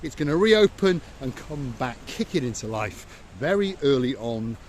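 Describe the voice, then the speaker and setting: A man's voice: medium pitch, normal speed, slight background noise. An English man hosting a playful travel vlog outdoors by a seaside resort, rambling and joking like a tour guide. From England. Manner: jokey, rambling, lively tour-guide patter. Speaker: vlogger host.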